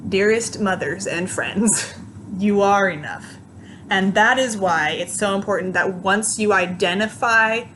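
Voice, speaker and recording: A woman's voice: mid-range voice, fairly bright tone, slight background noise. A young woman coaching mothers in an earnest, encouraging motivational talk to camera.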